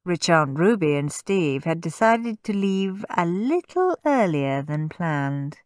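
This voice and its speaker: A woman narrating a children's audiobook in an expressive, animated way. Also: lowish voice, slow pace, no room sound, clean studio sound. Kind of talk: audiobook storytelling.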